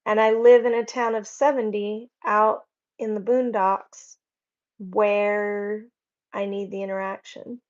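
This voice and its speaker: Speaking slowly in a mid-range, level voice, a woman runs a casual livestream from home, chatting warmly and rambling through viewer comments. The recording's highs are cut off.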